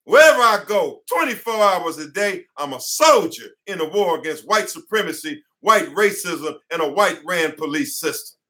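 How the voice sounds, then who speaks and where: Lecturing an online class from his headquarters, an attorney-teacher speaks with a high, animated, bright and forceful voice at a moderate pace with few pauses. He's fiery and preaches, repeating phrases for emphasis while sweating.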